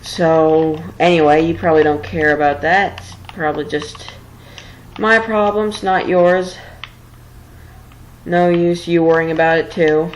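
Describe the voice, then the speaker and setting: Low-voiced rambling woman gamer. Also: fairly even intonation, unhurried, a little hiss or hum, poor audio. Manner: rambling, flustered, self-deprecating. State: tired late at night. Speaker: gameplay commentator. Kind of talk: casual let's-play commentary.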